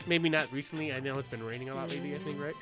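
A man's voice: medium pitch, racing, music in the background. A man from Southern California telling rambling, profane stories with a lot of laughing in a casual chat.

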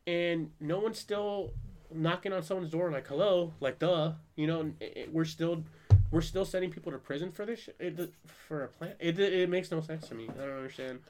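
A man's voice: fairly high pitch, moderate pace, darkish tone, a little hiss or hum. A man hosting a podcast in casual chat, rambling and profane, laughing often. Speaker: podcast host.

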